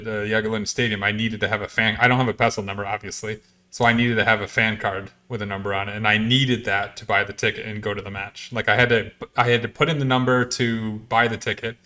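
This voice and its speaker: A man's voice: lowish voice, fairly even intonation, fast, sharp tone. A man co-hosting a casual podcast, chatty and laughing often as he talks. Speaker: podcast co-host.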